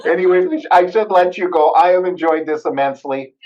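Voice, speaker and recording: A man's voice: a little high, a little mellow, dull audio, a little hiss or hum. A middle-aged man hosting a podcast interview, chatting in a jokey, rambling way. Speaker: podcast host. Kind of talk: casual interview chat.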